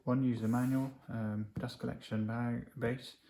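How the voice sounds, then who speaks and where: A man's voice: medium pitch, little pitch movement, a little slow, dark tone. A man casually unboxing a gadget, rambling with many fillers as he reads the specs off the box aloud. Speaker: unboxing vlogger. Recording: noisy home recording.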